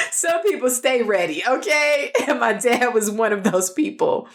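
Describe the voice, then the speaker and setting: A woman's voice: a little high, lively intonation. A woman hosting a podcast, telling a personal story, laughing often and checking in with her listeners. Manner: laughs often, drawn-out delivery, keeps asking "okay?". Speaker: podcast host.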